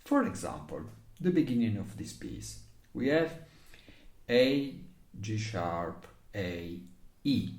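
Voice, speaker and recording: A man's voice: lowish voice, very animated, slow pace, darkish tone. A man with an Italian accent and non-native English teaching how to phrase a recorder piece, hesitating at times and singing passages on syllables. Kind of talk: music lesson explanation. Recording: echoey room.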